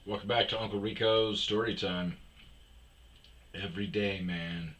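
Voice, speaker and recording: Low, bright-toned young man, rambling casual vlog stories with crude jokes. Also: steady tone, normal speed, a little hiss or hum. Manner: rambling, profane, jokey. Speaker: vlog host. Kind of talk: casual storytelling.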